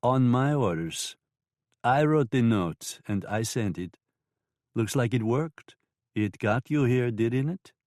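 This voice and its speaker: A man voicing a sly, mocking saloon madam with a French accent in an audiobook, speaking slowly and smoothly. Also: medium pitch, expressive, darkish tone, dry recording, studio quality. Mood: taunting. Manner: smooth, taunting, slow and drawn-out. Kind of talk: audiobook character voice.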